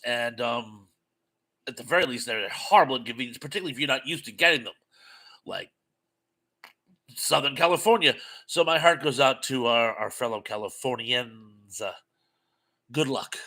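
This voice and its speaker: Here a mid-range male voice moves at a moderate pace, broken by long pauses. He's an older New Englander running a live stream through a headphone mic, reading the chat aloud and rambling through stories in a chatty, lively, up-and-down way.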